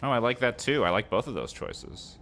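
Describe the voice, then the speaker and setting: A man's voice: medium pitch, lively intonation, moderate pace, fairly bright tone, a little hiss or hum. A man hosting a let's play, reading the game's text aloud and breaking off for playful, chatty asides to his viewers.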